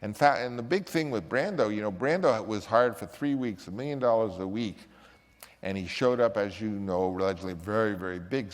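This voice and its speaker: A fairly low-voiced older man, a film director, shares loose anecdotes full of restarts and performed quotes. The audio has a big-room sound.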